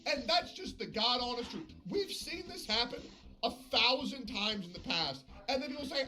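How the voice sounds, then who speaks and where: A man's voice: very high-pitched, expressive, moderate pace, bright, forceful tone, faint music behind. A man chatting on a live game stream, swearing often and slipping into passive-aggressive sarcasm. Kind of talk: casual live-stream chat.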